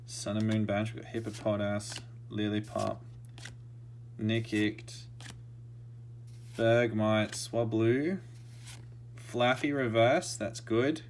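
A man's voice: fairly low pitch, fairly even intonation, slow, pauses often, a little hiss or hum. A man giving casual, murmured commentary as he opens trading card packs. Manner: murmured running commentary that bursts into shouting and laughter. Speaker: card-opening vlogger.

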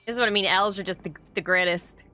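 Young Irish woman, reaction vlogger, excitable and sweary, bright tense tone, faint music behind. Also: mid-range voice, fast. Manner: excitable, gushing, swears freely. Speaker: reaction video host. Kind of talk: casual reaction commentary.

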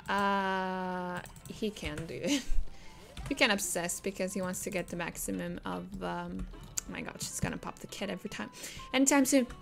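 A woman's voice: lowish voice, fairly even intonation, normal speed, gravelly, fairly bright tone, soft background music. A woman giving casual gameplay commentary, chatting to the characters on screen and laughing often.

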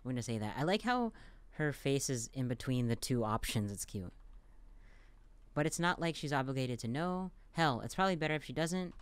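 A man playing a dialogue-heavy game, reading the lines aloud and reacting between them with quick, playful asides. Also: medium pitch, expressive, smooth, dry recording. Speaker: let's play gamer.

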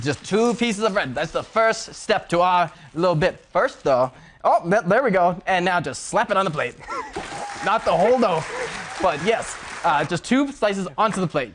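Giggly high young man, mock French. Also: fairly bright tone, slight background noise. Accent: put-on French. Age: young adult. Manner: giggly, keeps laughing mid-sentence. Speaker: cooking show host. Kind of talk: improvised comedy sketch.

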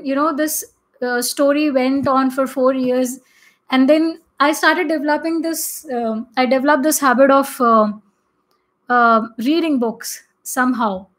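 A high-pitched young woman with an Indian English accent teaches a live online English class. She talks straight to her viewers and encourages them. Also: fairly bright tone. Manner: direct, motivational, addresses viewers as guys.

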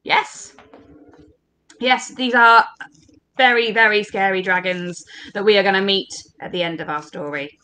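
A woman's voice: mid-range voice, unhurried, bright, forceful tone. A woman leading an online storytelling workshop for children, upbeat and encouraging as she speaks straight to the kids watching. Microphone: online livestream.

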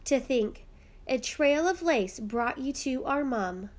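A woman plays an eager young girl from a storybook. She sounds bright and excited, with a fairly high voice. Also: moderate pace, lightly acted.

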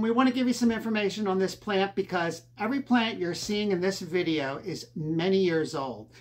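A woman with a lowish voice, talking through houseplant care as a co-host. She explains things step by step in an easygoing, unhurried way. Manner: explanatory, steady and a bit slow. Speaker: co-host of a gardening channel. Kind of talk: casual gardening tips.

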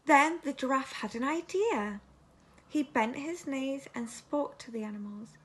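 Teacher lady reading a kids storybook, high voice, lively and expressive. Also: a little slow. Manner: expressive, asks the listening children questions.

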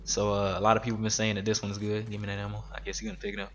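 A man's voice: fairly low pitch, monotone, rapid-fire, soft background music. A man in his twenties ranting with heavy swearing while commenting on his gameplay. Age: 20s. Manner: profane, exasperated ranting. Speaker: gaming streamer.

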